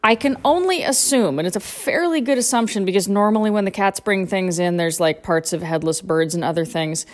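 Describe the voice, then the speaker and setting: A woman's voice: mid-range voice, a little fast, few pauses, darkish tone, no echo. A woman hosting a podcast, delivering a sarcastic, profane comic rant about her life on a small farm. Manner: sarcastic, ranting, swears freely. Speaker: podcast host.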